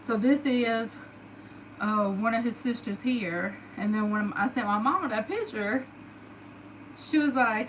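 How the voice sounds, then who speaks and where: A woman's voice: on the high side, normal speed, a little hiss or hum, poor audio. Chatty Southern woman telling a story. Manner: chatty, emotional, lots of "like" fillers. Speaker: vlogger. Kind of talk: casual storytelling to followers.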